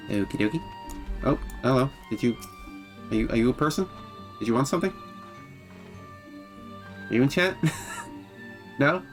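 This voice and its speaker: A man's voice: medium pitch, animated, normal speed, pauses often, faint music behind. A man streaming a game, chatting casually with viewers and reading game dialogue aloud. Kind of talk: casual game livestream chat.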